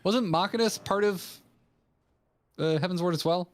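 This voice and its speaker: A man's voice: high voice, normal speed. Jokey man streaming a game. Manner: jokey, animated banter, stumbles over words. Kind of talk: casual gaming stream chat.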